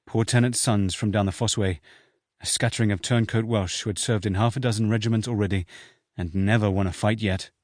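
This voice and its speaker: A man narrating a historical novel as an audiobook in a steady, measured reading. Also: fairly low pitch, no room sound, studio quality. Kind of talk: scripted narration.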